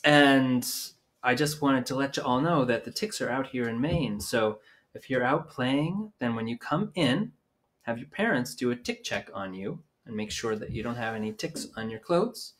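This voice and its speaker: A man's voice: medium pitch, expressive, normal speed, a bit bright. A man teaching young children music over a live stream from home, talking playfully and singing a silly song between explanations into a microphone on a stand.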